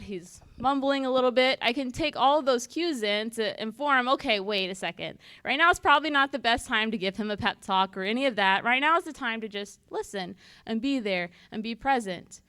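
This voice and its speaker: A fairly high-voiced woman giving a teaching talk at church. She speaks in an easy, conversational way and slips into short acted-out exchanges to make her points. The sound is dry and close. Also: bright, forceful tone, smooth, no echo. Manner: conversational, acts out little dialogues.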